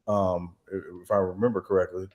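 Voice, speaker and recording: Low-voiced man making a measured sports argument. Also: flat delivery, darkish tone, highs cut off. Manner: measured, explanatory, builds arguments step by step. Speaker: podcast panelist. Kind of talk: sports debate talk.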